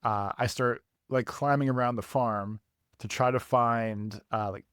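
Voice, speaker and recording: Profane, animated podcast storyteller man. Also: medium pitch, a little slow, smooth, no room sound, studio quality. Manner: animated, profane, laughs at himself. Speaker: podcast co-host. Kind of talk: casual storytelling.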